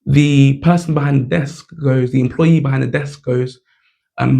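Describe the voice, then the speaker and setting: Chatty young man with gravelly voice. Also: mid-range voice, normal speed. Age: 20s. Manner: chatty, animated storytelling full of "like" and "you know". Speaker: vlogger. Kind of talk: casual storytelling to camera.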